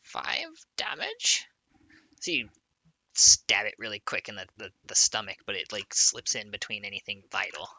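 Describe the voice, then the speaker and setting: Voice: low-pitched, a little fast, dry recording. A playful game master running a tabletop game, narrating actions and joking with the players. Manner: playful, laughing, lively narration.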